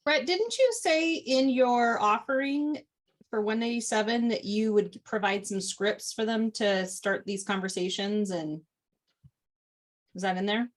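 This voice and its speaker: A woman's voice: on the high side, unhurried. A woman host asking the speaker brief, prompting questions. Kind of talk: casual question.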